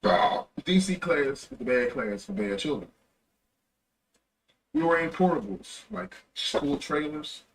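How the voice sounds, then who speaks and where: A man's voice: on the high side, animated, unhurried. A young man livestreaming, telling a rambling story in a loose, casual way and correcting himself as he goes. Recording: distant mic with faint ambient noise.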